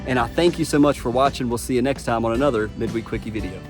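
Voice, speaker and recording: Earnest man vlogging a personal testimony, mid-pitch voice, soft music underneath, heartfelt delivery. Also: fast. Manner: earnest, heartfelt storytelling with frequent restarts.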